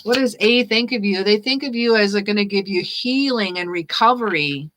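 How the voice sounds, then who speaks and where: A woman's voice: medium pitch, moderate pace, fairly bright tone, low-quality recording. A woman reading tarot cards on a live stream, chatty and repetitive, laughing often as she reads viewers' questions. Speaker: tarot reader.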